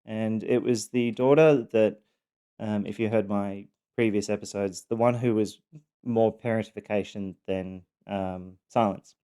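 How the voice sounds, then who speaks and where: Low mellow-voiced man telling his story. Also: steady tone, measured pace, smooth. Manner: frank, swears casually, wry laughter. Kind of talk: candid personal storytelling.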